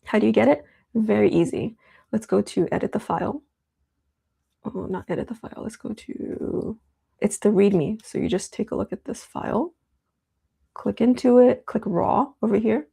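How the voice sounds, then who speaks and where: A young woman hosts a casual live stream, talking in a loose, rambling way with plenty of fillers. Her voice has a gravelly edge and a mellow, darker tone. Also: medium pitch, normal speed. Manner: chatty, rambling, with many fillers. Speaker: livestream host.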